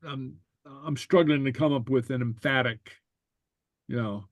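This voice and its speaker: A man teaching a language class, explaining slowly and stopping often with fillers and repeated okays. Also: mid-range voice, dry recording. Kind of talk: relaxed online class explanation.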